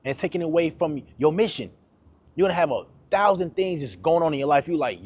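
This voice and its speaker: Male motivational YouTuber, slangy and emphatic, husky tone, dry close sound. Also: on the high side, animated, fast talker, a little mellow, no echo. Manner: emphatic, repetitive, slangy and direct. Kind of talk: motivational talk to camera.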